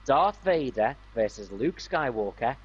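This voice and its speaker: A man's voice: medium pitch, sing-song, measured pace, breathy edge, dull audio. A man streaming a game, chatting casually and enthusiastically with plenty of fillers and restarts. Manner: rambling, enthusiastic, many fillers. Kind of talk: casual gaming stream chat.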